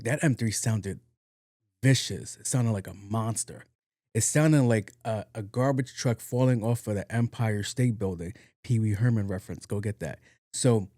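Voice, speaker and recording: A young man from New York hosting a podcast, telling a long story in a casual, animated, profane and self-mocking way. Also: on the low side, dry recording, studio quality. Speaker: podcast host.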